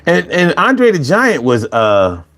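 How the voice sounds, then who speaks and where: A man hosting a casual live chat, animated and profane, laughing often as he talks. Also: on the high side, slow. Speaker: livestream host reading chat.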